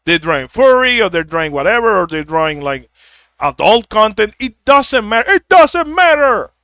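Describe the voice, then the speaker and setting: In his ranting monologue, a male advice vlogger swears freely, stumbles over repeated words and parodies others with whiny quotes. His high voice is animated, bright, forceful and smooth, moving at a moderate pace in a dry recording.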